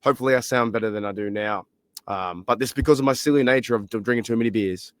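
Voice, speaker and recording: Hoarse Australian man, rambling podcast chat. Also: medium pitch, fast, no room sound. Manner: rambling, excitable, many fillers. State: hoarse, lost voice. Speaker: podcast host. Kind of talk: casual solo podcast chat. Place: library.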